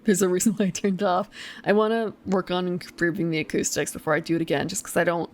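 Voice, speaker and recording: A woman's voice: on the low side, steady tone, quick pace. A young woman streamer reading a choose-your-path gamebook aloud, with chatty, giggly, self-deprecating asides.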